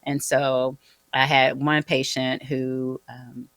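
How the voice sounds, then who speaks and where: A woman's voice: very deep voice, little pitch movement, slow, a bit bright, no echo. A woman guest on a podcast, telling stories animatedly and acting out the people she quotes. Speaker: neurofeedback practitioner, guest. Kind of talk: conversational interview.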